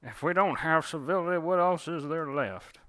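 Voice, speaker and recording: A man's voice: a little high, moderate pace, bright, forceful tone, no echo, voice pushed up. A man voicing a pompous, old-fashioned male cardinal bird in a put-on Southern drawl, with formal, indignant diction. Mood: lofty.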